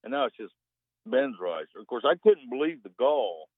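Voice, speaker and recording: A man's voice: medium pitch, big pitch swings, normal speed, dry recording. Male radio caller, rambling, wry, phone-like audio, dry. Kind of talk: phone-in chat. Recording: tinny phone line.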